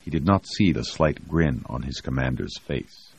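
A man narrating an audiobook in a steady, even way. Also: a bass voice, moderate pace, slightly rough. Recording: dull lo-fi audio.

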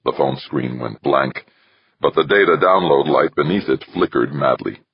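Very deep gravelly male narrator. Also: moderate pace, no echo. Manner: gravelly, steady storyteller. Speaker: audiobook narrator. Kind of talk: scripted narration with character voices. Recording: dull lo-fi dry recording.

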